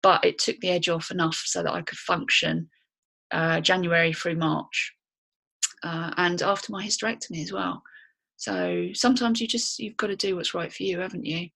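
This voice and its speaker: Husky, gravelly woman, chatting candidly. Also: fairly low pitch, steady tone, normal speed, a bit bright. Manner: candid, chatty and blunt, swears freely. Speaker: podcast co-host. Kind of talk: casual podcast chat.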